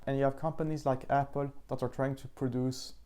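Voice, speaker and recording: A man talks through a book review in a relaxed, unhurried monologue. His voice is mellow and dark in tone, and his pitch sits in a middle range. He hesitates now and then as he hunts for the right word. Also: smooth. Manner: thoughtful, slightly halting, searching for words. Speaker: book channel host.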